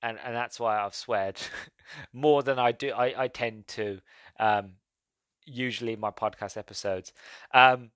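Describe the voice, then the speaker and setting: A man's voice: medium pitch, fairly even intonation, a little slow, a bit bright, dry recording. Rambling man reviewing films. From Britain. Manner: rambling, laughs often, goes off on tangents. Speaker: podcast host. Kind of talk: casual film review.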